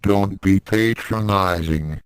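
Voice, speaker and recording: A man's voice: sits low, takes it slowly, clean tone, no echo, rough recording. A man reading fan fiction aloud and voicing a sarcastic, mind-reading invisible cat with a dry, mocking manner.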